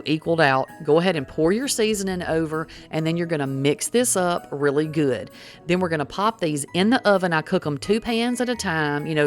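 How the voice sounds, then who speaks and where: Chatty low-voiced woman cooking. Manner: chatty, folksy, addresses viewers as y'all. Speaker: cooking vlogger. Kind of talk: casual cooking demonstration.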